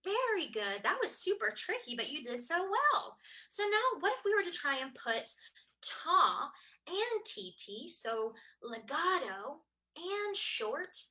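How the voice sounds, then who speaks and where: High, bright-voiced woman teaching children music. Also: rough recording. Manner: cheerful sing-song teaching, counting rhythms aloud. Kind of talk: livestreamed children's music lesson.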